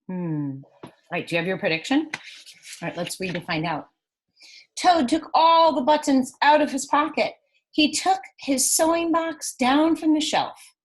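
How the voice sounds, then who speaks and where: Animated woman teacher reading aloud. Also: mid-range voice, slightly rough. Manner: animated, asks children questions. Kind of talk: reading a picture book aloud to children.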